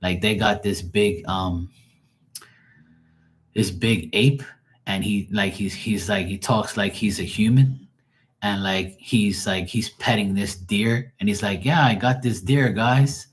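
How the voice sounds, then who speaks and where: Low-voiced man telling loose stories. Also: steady tone, slow pace. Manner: loose, rambling storytelling with heavy slang and profanity; laughs often while telling stories. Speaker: streamer doing live tarot reads. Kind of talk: casual livestream chat.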